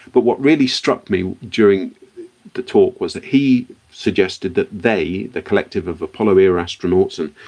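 Brief: middle-aged British man, low voice, reflective guest storyteller who restarts his sentences. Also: darkish tone. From Britain. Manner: reflective, frequent restarts and repeated words. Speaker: guest, company founder. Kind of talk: podcast interview storytelling.

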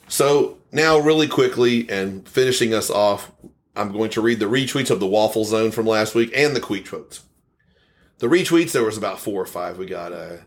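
A man hosting a podcast, reading listener comments aloud in a casual, rambling way and chuckling often. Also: fairly low pitch. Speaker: podcast host.

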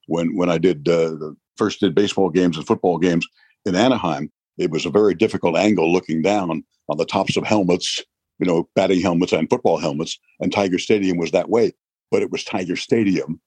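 Older New man, husky low voice. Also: fairly quick, dry recording. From New York. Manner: animated storyteller, laughs often, acts out voices. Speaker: retired baseball broadcaster, guest. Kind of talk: storytelling interview.

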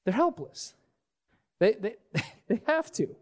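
A man preaching a conversational sermon on a church stage, animated and casual, often repeating words as he restarts. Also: high-pitched, slow pace. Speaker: pastor. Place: church stage before a congregation.

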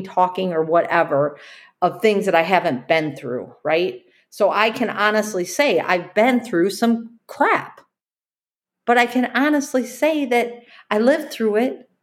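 An earnest woman hosts a podcast in a motivational monologue. She leans on repetition and rhetorical questions to drive each point home, in a voice of ordinary middle pitch. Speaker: podcast host.

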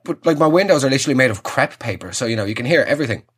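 Here a young Irish podcast host launches into an exasperated, sarcastic rant, a loose comedic monologue. His mid-range voice comes out animated and rapid-fire, with a breathy edge.

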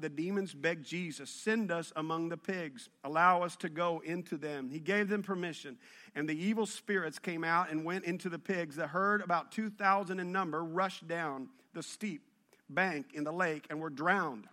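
A man preaching a sermon, telling the story in an animated, humorous way that builds in intensity. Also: fairly high pitch, normal speed. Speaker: pastor.

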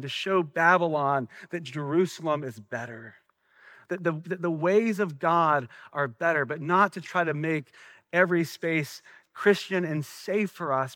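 Male pastor, Southern accent, higher-pitched voice, dry close sound, earnest sermon delivery. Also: pushed and bright, dry recording. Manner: earnest, questioning preacher, some stumbles and repeats.

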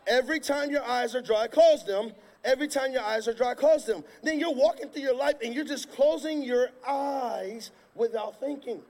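A male pastor preaching a sermon from a church stage, emphatic and repetitive, breaking into sudden shouts. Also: extremely high pitch. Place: church stage before a congregation. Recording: long reverb of a large hall.

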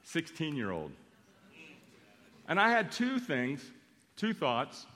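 A pastor preaching a sermon in an animated, emphatic way, repeating phrases for effect. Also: male voice, fairly high pitch, slow pace. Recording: long reverb of a large hall.

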